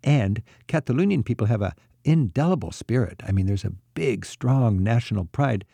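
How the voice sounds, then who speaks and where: A man's voice: mid-range voice, expressive, moderate pace, creaky, warm tone, breathy edge, no echo. An older man hosting a travel talk show, reading an intro and then chatting with a guest in a jokey way. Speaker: host. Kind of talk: scripted intro then casual interview.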